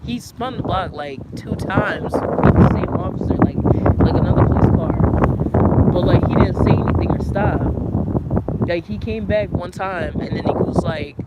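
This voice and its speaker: A man recounts a story to his livestream in a loose, rambling manner, piling up filler words and profanity. His voice sits a little high for a man. He is outdoors, and loud wind buffets the microphone. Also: normal speed, muffled recording. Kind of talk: casual storytelling. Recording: loud wind noise on the mic.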